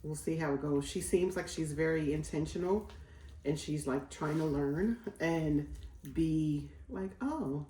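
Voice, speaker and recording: Low-voiced chatty woman vlogger. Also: steady tone, unhurried, warm tone, roomy sound. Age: 40s. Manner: chatty, rambling, many "like" fillers. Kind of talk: casual chat while cooking.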